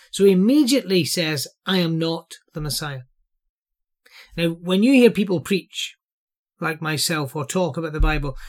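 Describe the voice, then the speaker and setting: A man teaches from the Bible in an earnest, sermon-like way. His voice sits high for a man, and he explains each point with steady emphasis.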